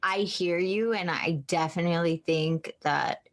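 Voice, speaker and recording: A woman's voice: lowish voice, a little slow. A woman author speaking candidly as an interview guest, emotional and searching, often restarting her sentences.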